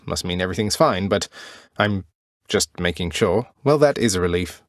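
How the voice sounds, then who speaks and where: Male actor voicing a wry, good-natured young underworld prince, lowish voice, dry studio sound. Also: no echo, natural voice. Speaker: video game protagonist. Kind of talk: game voice lines.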